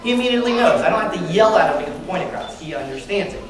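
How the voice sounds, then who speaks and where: Racing along in a lively, mid-range voice, an animal trainer gives an energetic live show for kids at a library, shouting out to the audience and quizzing them. The recording comes from a distant mic in a big, echoing indoor hall full of crowd noise.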